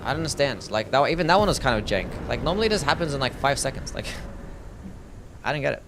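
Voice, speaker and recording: A young man with a medium-pitched voice talks fast and animatedly over music while streaming a game. It's casual livestream commentary: he swears freely and reads his chat out loud.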